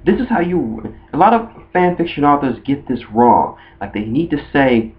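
A man's voice: medium pitch, very animated, normal speed. Man, casual fan monologue, rambling, stop-start sentences, muffled lo-fi audio. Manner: rambling, with frequent restarts. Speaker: anime fan video host. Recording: dull lo-fi recording.

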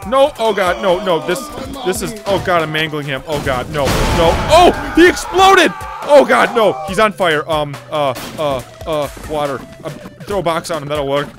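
A man doing comedic gameplay commentary as a gaming YouTuber, giggling and swinging from high shrieks to low mutters. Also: normal speed, few pauses, over music.

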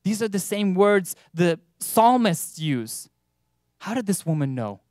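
A man preaching a sermon in church, earnest, with emphatic rises and slow stressed words. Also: high-pitched, big pitch swings, a little mellow, dry recording, clean studio sound.

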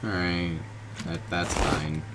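A man giving casual gameplay commentary, low-key and monotone, groggy from just waking up, in his bedroom. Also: takes it slowly. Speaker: gaming video host. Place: hot bedroom with a fan. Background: fan and keyboard noise.

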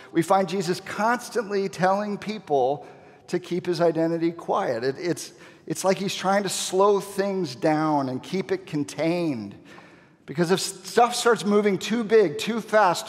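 A male pastor preaching a sermon in a large church, emphatic, with dramatic pauses and repeated key phrases. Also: on the high side. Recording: long reverb of a church hall.

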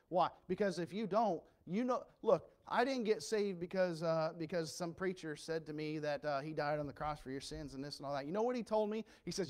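A man preaches a sermon to his congregation. He swings from low, hushed lines to loud, ringing cries. His delivery is passionate and earnest. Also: brisk, few pauses. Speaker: pastor.

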